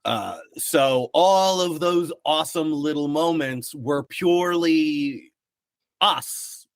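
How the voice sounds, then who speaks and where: A young man, the game master, chatting casually on a podcast, relaxed and quick to laugh, often trailing off mid-sentence. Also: a little high, no echo.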